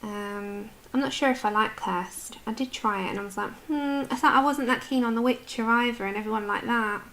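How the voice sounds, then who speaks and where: A woman's voice: on the high side, fairly quick, fairly bright tone, a little hiss or hum. A British woman in her adult years chatting casually with viewers while colouring on a livestream, answering their comments as she goes. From United Kingdom.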